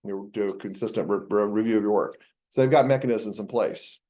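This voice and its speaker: A man's voice: on the low side, brisk, mellow, muffled recording. A male accounting professor giving a conversational university lecture, asking the class rhetorical questions with frequent fillers.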